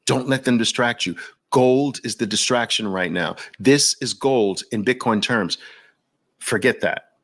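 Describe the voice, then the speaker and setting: This host is a man from Brooklyn whose New York accent carries a medium-pitched, fairly bright voice. He delivers an impassioned monologue, preaching with fervor in rhetorical questions and lists that keep repeating.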